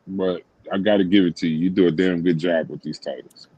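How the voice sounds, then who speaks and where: A man's voice: low-pitched, steady tone, a little fast, warm tone, husky, no echo, dull audio. A man co-hosting a casual talk stream, teasing and reading out viewer comments. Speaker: co-host. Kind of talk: casual chat.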